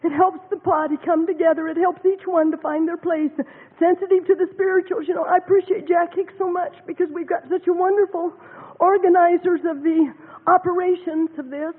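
High-voiced emotional woman giving church testimony. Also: steady tone, a little fast. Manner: emotional, voice breaking into tears and laughter. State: recovering from voice loss. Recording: tinny lo-fi recording with long hall reverb.

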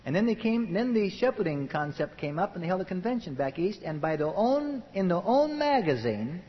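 Impassioned preacher in an echoing hall. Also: male voice, sits high, sing-song, moderate pace. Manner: impassioned preaching, swings between shouting and hushed asides. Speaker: pastor. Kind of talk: sermon. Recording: dull old recording in a reverberant hall.

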